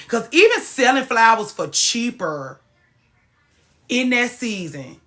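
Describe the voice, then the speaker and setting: Bright-voiced woman ranting on a livestream. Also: on the high side, very animated, a little slow. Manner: ranting, swearing, greets viewers by name. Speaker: livestream host. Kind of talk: casual livestream chat.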